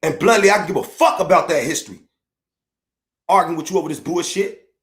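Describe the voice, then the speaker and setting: This podcast host is a middle-aged man from Chicago whose accented voice is fairly high, brisk and a bit bright. He rants without a filter, bluntly, profanely and heatedly, circling back over the same points, in an echoey space.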